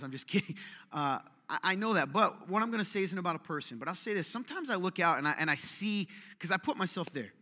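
A male pastor delivers a sermon with a bright, forceful voice that sits a little high for a man. He teases and jokes with the congregation, then builds to emphatic, pointed questions. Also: animated, quick pace. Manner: joking, teases the congregation, rising to emphatic calls. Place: church hall.

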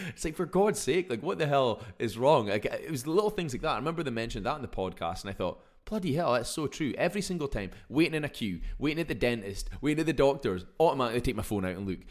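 Man, young, podcast host, chatty rambling delivery with exclamations, quick pace. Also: medium pitch. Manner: chatty, exclaims often, mild swearing. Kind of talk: casual solo podcast talk.

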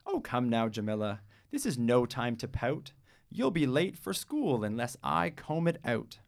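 A man reading a storybook aloud, voicing a brisk, bossy mother who coaxes her daughter. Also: mid-range voice, big pitch swings, gravelly. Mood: coaxing. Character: a bossy mother braiding her girl's hair.

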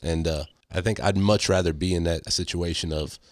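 An earnest, easygoing man chats as a guest about faith. His voice is very low. The sound is dry and close, with no room echo. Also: fairly even intonation, normal speed. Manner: easygoing, earnest, laughs while speaking. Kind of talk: casual faith talk.

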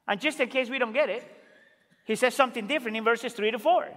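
A male pastor delivers a sermon with a strikingly high, bright voice. He swings between emphatic, rising exclamations and quiet, low asides. The sound carries a long church-hall reverb. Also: lively intonation, a little fast. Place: church sanctuary.

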